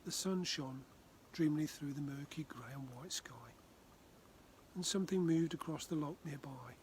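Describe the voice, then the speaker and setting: A man from the Far North of Scotland reading his children's book aloud, gently. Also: on the high side, normal speed, a little hiss or hum. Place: outdoors by a frozen loch.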